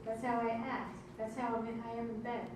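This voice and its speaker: A brash, high-pitched woman hosts a comedy night and needles the crowd between jokes. Her voice carries from a distance through a very echoey club room. Background noise hangs under everything. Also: monotone, brisk. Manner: brash, teasing the crowd, hyping the audience. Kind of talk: stand-up comedy hosting.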